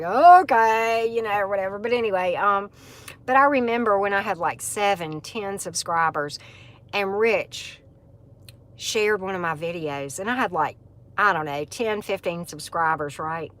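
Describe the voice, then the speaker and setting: A middle-aged woman, hosting a casual live chat with viewers. She talks in a chatty, animated way and laughs often. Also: medium pitch, normal speed. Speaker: livestream host.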